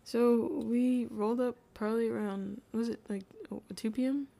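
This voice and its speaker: A woman's voice: a little high, steady tone, normal speed, gravelly, mellow. A woman, co-hosting a podcast and telling a camping story in a rambling, giggly way full of fillers. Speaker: podcast co-host. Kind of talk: casual chat.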